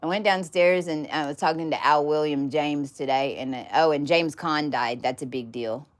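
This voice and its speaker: Blunt, swearing woman with a low voice. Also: moderate pace. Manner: blunt, profane, emphatic. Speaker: spiritual teacher. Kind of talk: casual teaching monologue.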